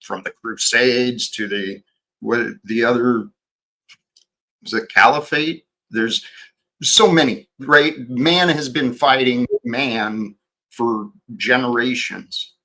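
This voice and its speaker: A man hosting his own livestream, talking in a slow, reflective way with frequent restarts. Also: medium pitch, pushed and bright. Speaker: livestream host. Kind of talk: casual livestream chat.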